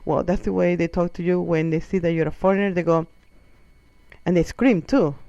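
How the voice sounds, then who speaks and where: This comedian talks a little fast in a high, gravelly voice, captured on a dry, muffled recording. English isn't his first language, and his monologue is a string of profane, animated comic stories in which he performs the voices of the characters.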